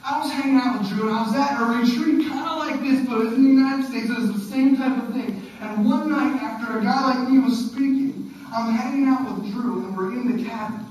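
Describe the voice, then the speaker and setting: A man's voice: extremely high pitch, fairly quick, few pauses, distant mic. Young man preaching in an echoey hall. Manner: animated storytelling, frequent "okay?". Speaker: youth speaker. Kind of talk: youth sermon. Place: school hall, live audience.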